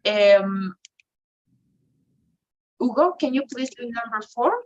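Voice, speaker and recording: A woman teaching an English class online, talking slowly with many fillers and restarts. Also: on the high side, muffled recording. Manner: slow, hesitant, non-native English with many fillers.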